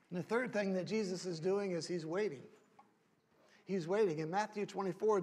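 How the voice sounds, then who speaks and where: A man preaching a sermon as pastor, rising to loud shouts and then dropping back to quiet, plain talk. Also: sits high. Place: church.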